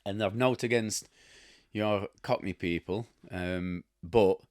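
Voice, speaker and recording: Low-voiced, blunt Yorkshireman. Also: slow, no room sound, clean studio sound. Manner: rambling storyteller, chuckling, blunt asides. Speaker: host. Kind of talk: casual chat to camera.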